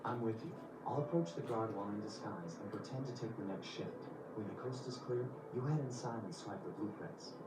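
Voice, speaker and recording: An actor playing a steady, matter-of-fact male accomplice in a video game. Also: fairly low pitch, brisk, few pauses, far from the mic, very noisy, natural voice. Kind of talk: video game cutscene acting. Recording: game audio played from speakers in an echoey room, loud music.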